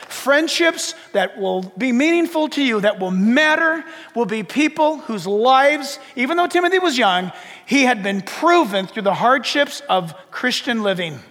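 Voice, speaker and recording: A man preaching a sermon as pastor, animated, acting out little dialogues and rising to shouts. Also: very high voice, unhurried. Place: church sanctuary. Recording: long reverb of a church hall.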